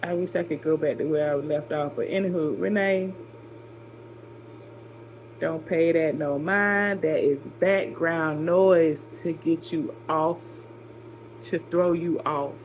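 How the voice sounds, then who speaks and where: A woman from Georgia with a Southern accent, talking casually to camera in a response video, encouraging a viewer with drawn-out, repeated phrases. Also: low voice, fairly even intonation, muffled recording, slight background noise. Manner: warm, repetitive encouragement with drawn-out emphasis. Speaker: vlogger making a response video.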